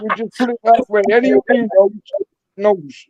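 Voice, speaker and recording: A man with a West Country accent, chatting as a panel guest in a rambling, sweary, excitable way. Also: sits high, moderate pace, dry recording, muffled recording. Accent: West Country English. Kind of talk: casual chat.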